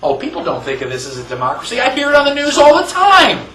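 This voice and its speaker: A man with a high voice gives an emphatic classroom lecture and keeps asking his listeners rhetorical questions. He sounds distant from the microphone, and the room around him echoes. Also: wildly swooping pitch, quick pace, a crowd in the background. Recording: echoey room, mic far off.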